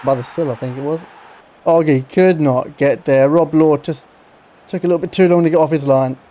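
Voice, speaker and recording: Swinging between shouting and muttering, an excitable young man gives live commentary on the football game he's playing for his YouTube channel. His voice sits slightly high with a soft, mellow tone, and a faint noise hums behind him.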